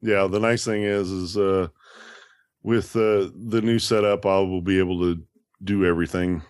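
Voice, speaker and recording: A man's voice: low voice, fairly even intonation, normal speed, darkish tone, clean tone, dry recording, studio quality. A man co-hosting a gaming podcast, talking casually and restarting his sentences often. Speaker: podcast co-host.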